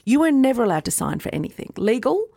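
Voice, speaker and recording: A woman's voice: a little high, big pitch swings, quick pace, gravelly, warm tone. A woman co-hosting a podcast, casually telling a history story and checking in with "okay" as she explains step by step. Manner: chatty, says "okay" a lot, explains step by step. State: rocking a baby while talking. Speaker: podcast co-host.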